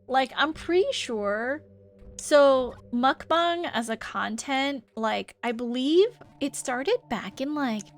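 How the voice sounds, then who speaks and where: A woman streamer with a light New Zealand tinge to her American speech, chatting casually and rambling with many fillers while reading and answering chat. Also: a little high. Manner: rambling, lots of "like" and "um".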